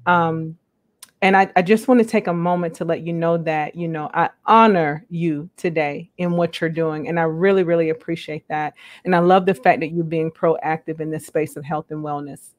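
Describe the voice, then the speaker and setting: A woman hosting a live online interview, earnest and halting with many ums, laughing often, over a video call. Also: sits low, fairly even intonation. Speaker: host.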